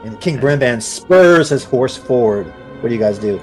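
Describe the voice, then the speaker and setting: A man narrating as the game master of a tabletop fantasy game, describing the action in an animated way. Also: mid-range voice, normal speed, soft background music.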